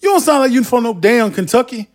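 A man's voice: extremely high pitch, animated, fast talker, pitched above the performer's own voice. A man voicing a blunt, teasing adult male airport janitor with a Southern Atlanta accent.

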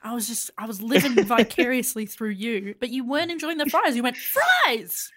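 A woman's voice: a little high, fairly quick. A woman with a bad cold, co-hosting a casual podcast with playful teasing. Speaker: podcast co-host.

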